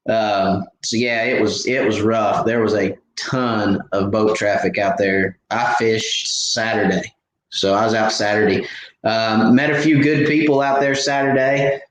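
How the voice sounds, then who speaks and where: A man's voice: on the low side, fairly even intonation, unhurried. Casual man in his thirties hosting a live fishing stream, rambling and folksy, in an echoey room with a faint hiss. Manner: rambling, folksy, lots of fillers and restarts. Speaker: fishing channel host.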